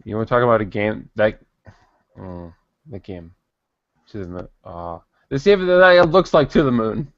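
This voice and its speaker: A man with a low, gravelly voice co-hosts a podcast, halting and repeating himself as he goes. The sound is dull lo-fi and dry. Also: animated, no echo. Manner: halting, repeats words, mumbles. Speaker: podcast co-host. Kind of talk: casual chat.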